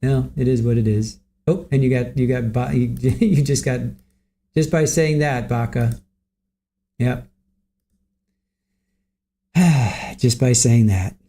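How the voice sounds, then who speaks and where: A man's voice: mid-range voice, takes it slowly, long pauses, mellow, slight background noise. A man hosting a livestream, greeting viewers from the chat by name and chatting casually while waiting for court to start. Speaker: livestream host.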